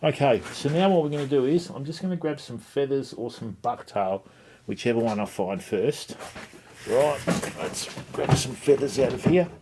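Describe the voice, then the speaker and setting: A middle-aged livestream host walks viewers through tying flies, chatting while he works, naming viewers in greeting, and saying "mate" and "okay" a lot. He speaks in a mid-range voice at normal speed against background noise.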